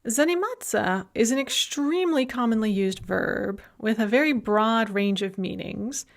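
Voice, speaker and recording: A woman lecturing on language grammar in a recorded university lecture, explaining clearly and methodically with the odd filler. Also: a little high, lively intonation, a little slow.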